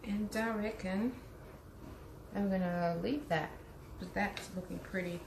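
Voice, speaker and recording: A woman's voice: medium pitch, fairly even intonation, a little slow, gravelly. Chatty Australian woman in a roomy space. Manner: chatty, talks to viewers while working. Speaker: art teacher and vlogger. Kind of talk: casual live-stream chat while painting. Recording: roomy echo with faint hum.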